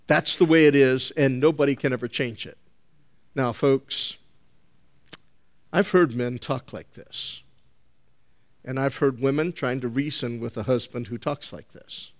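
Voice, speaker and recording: A man preaching a sermon to a congregation, emphatic and animated, asking the room rhetorical questions. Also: fairly high pitch.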